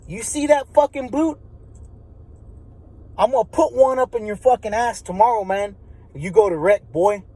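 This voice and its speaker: A man voicing a menacing male prison inmate who yells profane threats and taunts. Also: sits high, measured pace, long pauses, voice pushed up. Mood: taunting.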